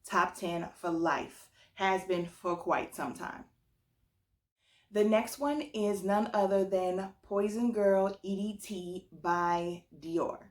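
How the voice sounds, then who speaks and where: A woman's voice: mid-range voice, steady tone, takes it slowly, darkish tone. A woman hosting her own perfume channel, chatting casually and enthusiastically about her favorite scents, saying "like" a lot. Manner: chatty, enthusiastic, says "like" often. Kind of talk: casual chatty review vlog. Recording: echoey room, mic at a distance.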